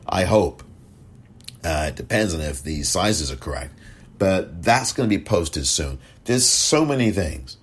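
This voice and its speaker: A man with a very low, husky voice hosts a solo podcast. He talks slowly and warmly in a chatty, effusive way, repeating his thanks again and again. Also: animated. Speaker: podcast host. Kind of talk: solo political podcast monologue.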